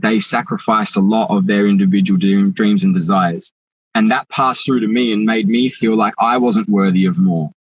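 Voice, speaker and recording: A man's voice: on the low side, no room sound, muffled recording. A young man speaking as a podcast guest, candid and casual, swearing freely as he talks.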